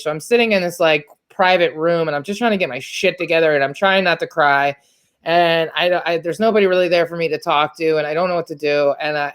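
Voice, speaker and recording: A woman in her thirties from the Washington, D.C. area, with a lowish voice, hosts a podcast and tells a personal story. She is candid and chatty, using plenty of fillers and casual swearing.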